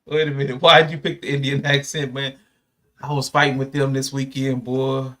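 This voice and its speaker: A man's voice: medium pitch, moderate pace. A man co-hosting a casual podcast, joking and laughing as he reacts to clips. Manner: laughing, animated, repeats jokes. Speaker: podcast co-host.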